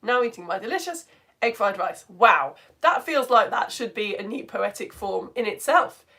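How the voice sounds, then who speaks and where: A woman's voice: medium pitch, lively intonation, normal speed, gravelly, sharp tone. Bubbly woman teacher. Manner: bubbly and exclamatory, gasping with delight. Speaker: teacher hosting a live online lesson. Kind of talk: live-streamed lesson, reading viewer comments aloud.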